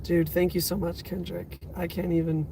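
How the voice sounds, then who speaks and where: Overwhelmed young man, high voice. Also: level tone, a little fast, noisy background. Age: 20s. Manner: emotional, overwhelmed, repeating exclamations. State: teary, near crying. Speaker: livestream host. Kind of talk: casual live-stream chat. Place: inside a parked car.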